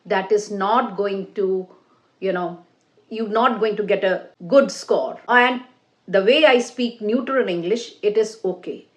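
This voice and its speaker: A woman who is a former IELTS examiner, giving an exam-prep lesson, explaining deliberately with fillers and restarts. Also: medium pitch. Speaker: English teacher and ex-IELTS examiner.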